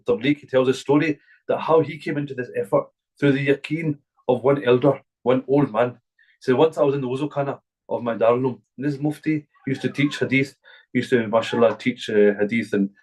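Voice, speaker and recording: A man's voice: medium pitch, steady tone, brisk, a little mellow, slightly rough, low-quality recording. A middle-aged man from Glasgow, an imam giving an earnest, repetitive religious talk to a gathering. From Glasgow, Scotland. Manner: earnest, repetitive, emphatic preaching.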